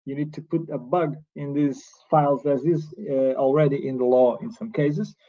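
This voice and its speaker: A Portuguese man with a Portuguese accent lectures on cybercrime law at a conference, earnest and explanatory. His mid-range voice has a dark tone, fairly even intonation, and moderate pace, captured in a dull lo-fi recording.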